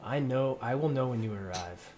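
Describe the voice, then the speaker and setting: A game master voicing a secretive female undercover agent who speaks in a calm, measured way. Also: medium pitch, lightly acted.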